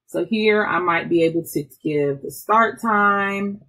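A woman, an instructional technology trainer, walking through software step by step in a patient, explaining way with small restarts. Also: medium pitch, measured pace. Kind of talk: screen-recorded software tutorial.

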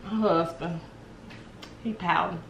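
A woman's voice: lowish voice, steady tone, slow pace, echoey room, slight background noise. A woman chatting casually to her viewers while eating noodles, humming between bites, playful and teasing. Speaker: vlogger eating on camera. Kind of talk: casual mukbang chat.

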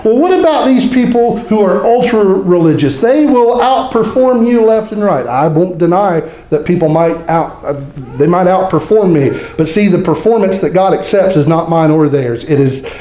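A man preaching a sermon as pastor, joking and conversational, acting out quick mock voices. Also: high voice, expressive, mellow, echoey room, rough recording. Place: church sanctuary.

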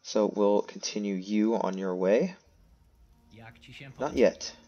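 Low-voiced man narrating his strategy game. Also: slow pace, warm tone, muffled recording. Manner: thinks aloud, chatty, self-mocking asides. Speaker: let's play host. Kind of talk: casual gameplay commentary.

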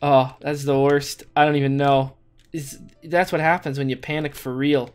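A man's voice: on the high side, flat delivery, normal speed, clean tone. Self-talking man playing a game. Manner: talks to himself with frequent restarts and exclamations. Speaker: gaming YouTuber. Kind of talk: let's play commentary. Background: faint background music.

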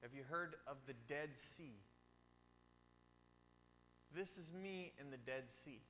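A young man preaching a youth sermon, talking in a loose, joking way and often asking the room questions. His voice is bright and forward. The church gives it a long reverb, with a faint hum underneath. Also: on the high side, slow pace. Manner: casual, joking, asks the audience questions. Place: church sanctuary.

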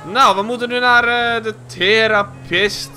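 A man's voice: high voice, steady tone, normal speed, pushed and bright, soft background music. A man giving casual let's-play commentary, laughing and chatting between cutscenes. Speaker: gaming YouTuber.

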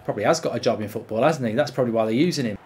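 A man giving excitable, sweary live commentary while he plays a football video game. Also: mid-range voice, racing, husky. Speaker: gaming streamer.

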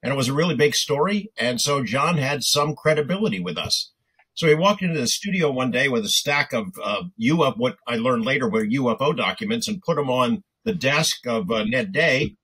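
An older man, a TV news reporter and guest, steadily recounting a story in detail, pausing on "uh" as he goes. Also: mid-range voice, expressive, sharp tone, breathy edge, poor audio. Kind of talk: anecdotal storytelling.

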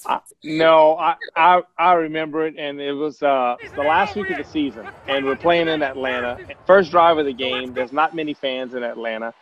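A man, a former quarterback, telling a long story in a relaxed, rambling way with plenty of fillers. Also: a little high, moderate pace, few pauses. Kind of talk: casual anecdote telling. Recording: dull lo-fi, dry sound.

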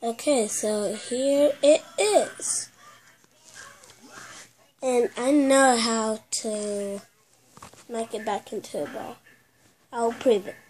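A woman hosting a casual unboxing video, chatty and excitable, stopping often to correct herself. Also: on the high side, extremely slow, pauses often, slight background noise, poor audio. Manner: chatty, excitable, stop-start with many self-corrections. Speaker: video host.

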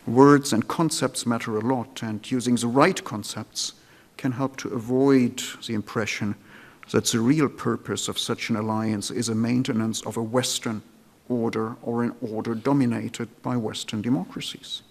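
Man giving a measured formal lecture. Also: mid-range voice, fairly even intonation, gravelly. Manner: deliberate, measured delivery with restarts. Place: lecture hall.

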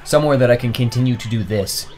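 A man's voice: mid-range voice, quick pace. Young man telling a swearing anecdote. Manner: animated anecdote-teller, swearing freely. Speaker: let's play co-host. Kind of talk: casual storytelling over gameplay.

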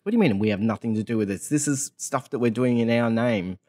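Man, podcast co-host, earnest, rambling, heated, mid-pitched voice, video call. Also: quick pace, mellow. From Australia. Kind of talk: casual chat.

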